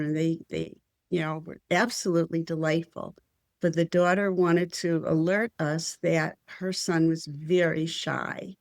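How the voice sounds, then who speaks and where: A woman's voice: deep voice, vocal fry, darkish tone, no room sound, studio quality. An older woman telling a personal spiritual story as an interview guest, earnest and heartfelt.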